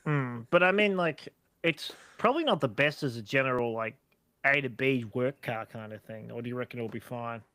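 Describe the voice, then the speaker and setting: A man's voice: mid-range voice, normal speed, pushed and bright, clear, resonant tone, no echo. A man, co-hosting a casual podcast chat, chatty and rambling with frequent laughs and restarts. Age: 30s. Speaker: podcast co-host.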